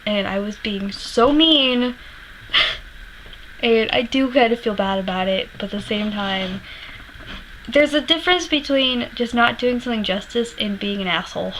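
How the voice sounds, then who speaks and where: A woman vlogger with a slightly high-pitched voice recounts a personal story straight to camera. She curses freely and laughs as she talks, and she sounds emotional while remembering it. A faint hiss sits under the recording. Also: normal speed, fairly bright tone, poor audio.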